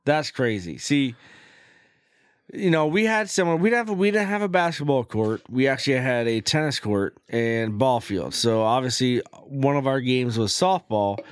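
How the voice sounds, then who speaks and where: A man's voice: mid-range voice, animated, moderate pace, clear, resonant tone, dry recording, clean studio sound. A middle-aged man in casual chat, reminiscing and swearing, laughing often. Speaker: chat partner.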